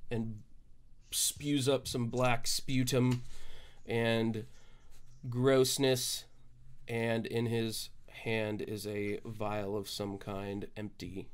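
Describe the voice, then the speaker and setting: A man narrating as game master, halting and full of fillers. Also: mid-range voice, level tone, smooth.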